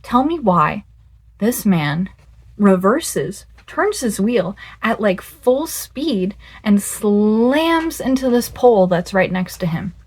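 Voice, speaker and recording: A young woman in her twenties, mid-pitched, recounting a disastrous date to her viewers. She stretches words for emphasis and swears when something floors her, talking in a loose, animated vlog style. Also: slow pace, slightly rough. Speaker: vlogger. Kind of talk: casual storytelling.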